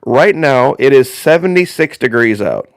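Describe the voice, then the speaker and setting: A man from northern Indiana talks casually to his live-stream viewers at a mid-range pitch. His delivery is folksy and rambling, and he doubles up phrases for emphasis. The sound is dry and close, with no room echo. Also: expressive, normal speed.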